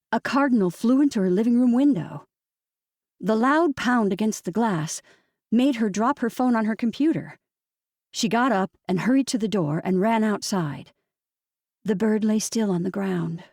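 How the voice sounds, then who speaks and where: A woman's voice: mid-range voice, darkish tone, dry recording. Woman narrator, dry close audiobook sound. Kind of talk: scripted narration.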